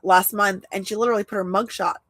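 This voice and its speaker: A woman's voice: medium pitch, steady tone, fast talker, fairly bright tone, dry recording, rough recording. A young adult woman with a nasal voice, hosting and teaching in a casual, passionate monologue, often repeating phrases for emphasis. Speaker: human design coach and show host. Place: outdoors.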